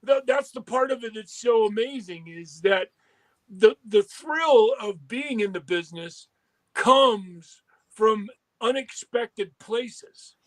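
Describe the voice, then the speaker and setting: A man's voice: high voice, lively intonation, slow, a bit bright, rough recording. A man talking earnestly and at length as a podcast guest, often circling back on his words. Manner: rambling, earnest, many restarts. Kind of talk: casual talk.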